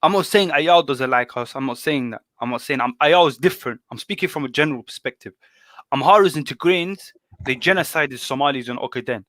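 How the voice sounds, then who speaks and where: A man's voice: medium pitch, fairly quick, fairly bright tone, no echo. Argumentative young man. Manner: argumentative, slangy, joking. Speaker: panel speaker. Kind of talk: casual debate.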